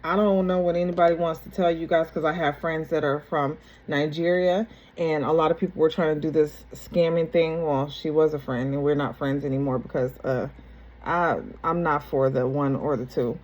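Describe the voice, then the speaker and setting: Low husky woman telling her story. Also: fairly even intonation, normal speed, darkish tone, poor audio. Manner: rambling, repeats herself, frequent restarts and ums. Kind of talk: casual personal storytelling to camera.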